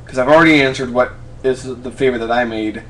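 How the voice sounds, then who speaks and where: A man's voice: medium pitch, steady tone, quick pace, fairly bright tone. A man in his twenties answering viewers' questions in a casual vlog, chatty and rambling, often stopping to correct himself. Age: 20s. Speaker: YouTube creator answering fan questions. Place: apartment room.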